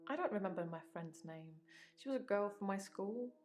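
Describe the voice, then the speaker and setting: Game role: actress as a measured, evasive grieving woman patient, mid-pitched, calm delivery. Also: soft background music, lightly acted. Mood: guarded. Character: guarded grieving woman patient under questioning. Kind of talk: game voice acting.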